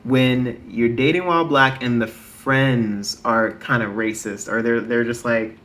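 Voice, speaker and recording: A man's voice: medium pitch, lively intonation, a little slow, hardly any pauses, a bit bright. A man hosting a podcast alone, talking in a rambling, conversational way, often restarting sentences and turning to lecture listeners with questions. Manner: emphatic and lecturing at times, asking listeners questions. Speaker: podcast host. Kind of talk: casual solo podcast monologue.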